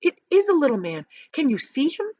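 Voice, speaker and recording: A woman voicing a gentle young boy who speaks in a hushed, eager way. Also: sits high, sing-song, a little fast, dry recording, muffled recording, pitched above the performer's own voice.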